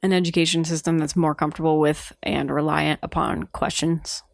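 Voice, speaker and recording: A woman's voice: sits low, steady tone, brisk, vocal fry, no echo, studio quality. A woman co-hosting an education podcast, thinking aloud in a casual, reflective conversation. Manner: thoughtful, wondering aloud. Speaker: podcast co-host.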